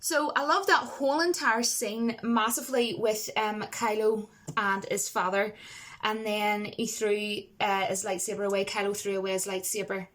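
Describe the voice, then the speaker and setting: A woman's voice: medium pitch, steady tone, normal speed, fairly bright tone. A woman giving a casual, rambling film review to camera. She talks emphatically and uses a lot of fillers.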